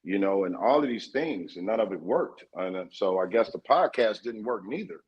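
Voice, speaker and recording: A man's voice: fairly low pitch, expressive, moderate pace, husky. A man talking as a podcast guest, telling a story in a loose, profane, rambling way full of fillers. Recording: dull lo-fi sound.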